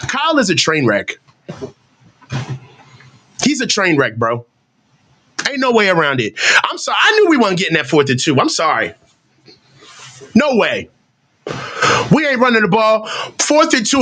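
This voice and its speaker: Excitable profane man reacting to football. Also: sits high. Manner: profane, exasperated, rants and mocks the coach; excitable, voice jumps up when shouting. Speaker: fan commentator. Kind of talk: live game reaction commentary.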